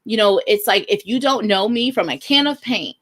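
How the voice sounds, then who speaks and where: A woman hosting a live online show, chatting warmly and affirming her guest. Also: mid-range voice, expressive, normal speed. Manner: affirming, chatty, reads viewer comments. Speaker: host.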